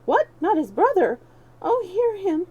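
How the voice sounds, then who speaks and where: A woman's voice: on the high side, animated, a little slow, warm tone, muffled recording. A woman voicing a crafty young male street thief who mocks and schemes in archaic speech. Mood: scheming.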